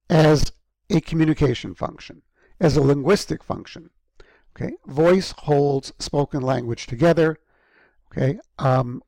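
Man, lecturer, gravelly voice, halting with ums and restarts, clears throat often, dry close mic. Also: a little high, dark tone, no room sound. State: throat irritated. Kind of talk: recorded university lecture. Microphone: close microphone.

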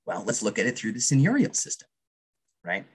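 A man's voice: fairly low pitch, wildly swooping pitch, a little fast, breathy edge. A man lecturing on archaeology to a public audience, enthusiastic, often checking in with "right?". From Vermont's Northeast Kingdom. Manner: enthusiastic, frequent tag "right?".

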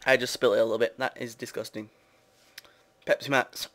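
A man's voice: medium pitch, level tone, brisk, a bit bright. A young British man giving casual, rambling commentary while playing a building game, joking with his viewers. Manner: rambling, self-mocking, chatty with viewers. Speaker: gamer. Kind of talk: casual Let's Play commentary.

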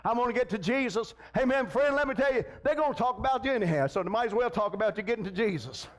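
A man preaching with a strikingly high voice that keeps climbing. He repeats phrases and drops in amens as he drives his sermon, and often calls out "hello?" to the congregation. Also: expressive, fast talker. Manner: fervent, repetitive preaching with frequent amens and call-outs. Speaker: pastor.

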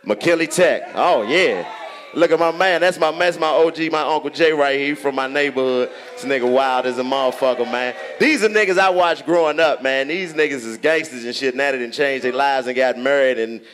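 A man with a Washington DC accent doing stand-up, ribbing the audience with loud, profane banter. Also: medium pitch, normal speed, faint music behind. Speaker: stand-up comedian. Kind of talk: crowd work stand-up. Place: large theater on stage.

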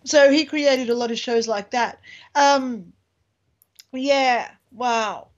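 A chatty woman in her fifties with a high voice, talking animatedly and leaning on fillers. The audio is dull and lo-fi. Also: slow pace. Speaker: co-host. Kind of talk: casual chat.

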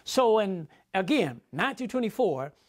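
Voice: medium pitch, very animated, measured pace. A preacher giving a sermon, repeating key phrases for emphasis and speaking directly to the congregation.

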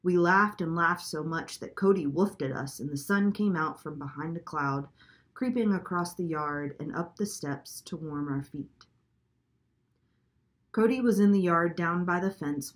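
Lady reading a kids chapter book aloud, lowish voice, steady. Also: moderate pace. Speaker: storybook reader.

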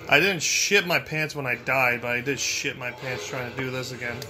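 A man hosting a let's play, giving excitable, profane gameplay commentary that turns to yelling when he panics. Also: mid-range voice, moderate pace.

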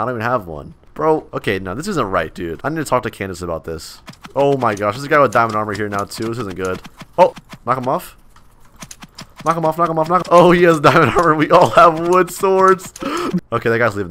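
Man, gaming creator; excitable, chatty play-by-play with a lively, bouncing pitch. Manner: excitable, chatty, reacting aloud to gameplay. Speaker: gaming YouTuber. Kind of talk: game commentary.

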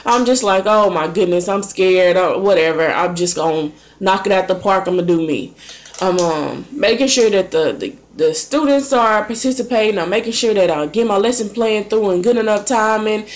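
A young woman vlogger casually telling a personal story to camera, acting out her own thoughts with lively shifts in voice. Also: mid-range voice, normal speed. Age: young adult.

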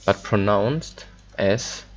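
Slow-talking male German teacher. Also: lowish voice, a little hiss or hum. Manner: halting, full of fillers and restarts. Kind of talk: online language lesson. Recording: dull lo-fi recording.

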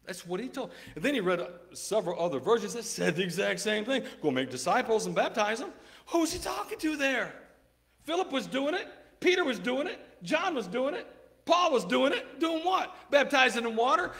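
High-voiced, emphatic preacher man debating. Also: very animated, moderate pace, fairly bright tone. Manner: emphatic, insistent, repeats key words; reads Bible verses aloud in King James wording. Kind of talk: debate rebuttal with scripture reading.

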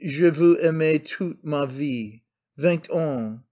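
A man reading an audiobook, voicing a frail, sentimental aging gentleman who speaks in a faint, faltering, tearful way. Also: fairly high pitch, slow, dull audio. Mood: tender.

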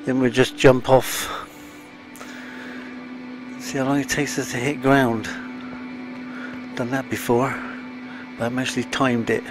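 A man talks his way through a video game in a relaxed, rambling way, sighing and muttering encouragement to himself. His voice sits at an ordinary middle pitch and he sounds a little winded. Soft game music plays faintly underneath. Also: unhurried, pauses often. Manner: chatty, muttering to himself with sighs. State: slightly out of breath. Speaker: game streamer. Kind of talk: casual let's-play commentary.

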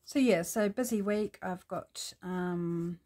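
Middle-aged nz lady chatting away while she does collage, lowish voice, lots of ums. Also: slow pace, warm tone. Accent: New Zealand. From New Zealand. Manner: rambling, many ums, thinking aloud while working. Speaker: craft vlogger. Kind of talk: chatty craft tutorial. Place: home craft desk.

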